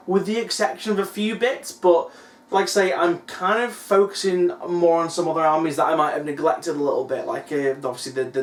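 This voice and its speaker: A young man, a hobby YouTuber, chatting casually in a rambling way and swearing now and then. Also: on the high side. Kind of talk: casual vlog chat. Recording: roomy echo.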